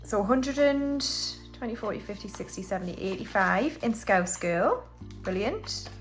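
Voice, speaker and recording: A woman's voice: medium pitch, very animated, measured pace, faint music behind. A woman from the UK hosting a casual budgeting vlog, chatting and counting banknotes aloud while laughing at her own slips. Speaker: budgeting channel host. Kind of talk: casual cash-stuffing vlog.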